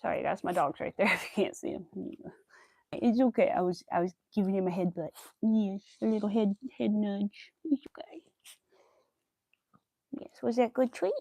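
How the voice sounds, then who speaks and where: A young woman crocheting on a livestream from home with a clip-on mic, chatting with viewers and softly counting her stitches. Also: mid-range voice, a little fast, vocal fry, dry recording. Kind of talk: casual chat while crocheting on stream.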